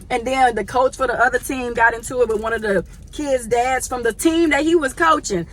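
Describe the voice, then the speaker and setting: A woman telling a lively story to her viewers, chatty and slangy, laughing often and calling them y'all. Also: on the high side, brisk, few pauses. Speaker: vlogger.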